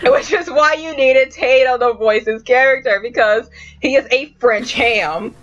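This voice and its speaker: A woman's voice: high-pitched, measured pace, dull audio. A woman hosting a casual anime review podcast, telling stories with a lot of swearing and laughter. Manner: animated storytelling, frequent swearing and laughter.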